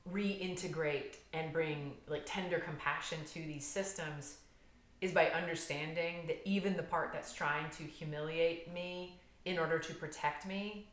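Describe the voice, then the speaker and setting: A woman therapist guiding a somatic healing exercise, calm and gentle, explaining step by step with frequent fillers. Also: low-pitched, reverberant.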